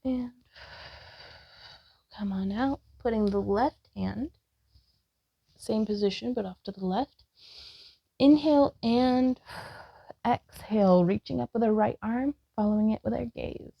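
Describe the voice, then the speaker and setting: A woman leading a yoga class, calling out slow, calm cues and directions. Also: a little high, vocal fry, slightly rough, no room sound, lo-fi sound. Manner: slow, calm cueing with soft laughs. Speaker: yoga instructor.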